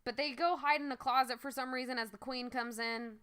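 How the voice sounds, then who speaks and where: A young woman co-hosting a podcast, her voice bright and clear. She tells stories in a chatty way and drops wry asides. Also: high voice, steady tone, a little fast. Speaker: podcast co-host. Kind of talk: casual chat.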